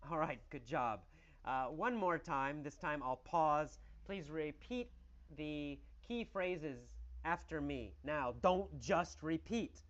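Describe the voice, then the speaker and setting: Animated male English teacher, lo-fi. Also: a little high, slow. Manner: animated, exaggerated storytelling with repeated questions and answers. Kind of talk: mini-story question-and-answer lesson.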